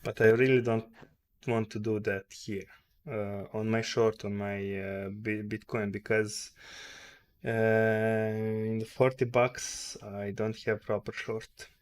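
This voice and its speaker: A man hosting a live trading stream, muttering to himself and cursing at the charts with sudden loud outbursts. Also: lowish voice, little pitch movement, slow, clean tone. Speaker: livestream day trader host. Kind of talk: casual live-stream commentary.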